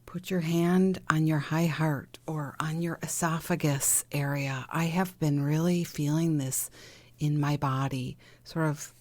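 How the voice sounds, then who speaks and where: A middle-aged woman hosting a podcast, talking gently and encouragingly about healing, with soft whispered asides. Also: low-pitched, fairly even intonation, measured pace, dry recording. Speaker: podcast host, healing coach. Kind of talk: reflective spiritual talk.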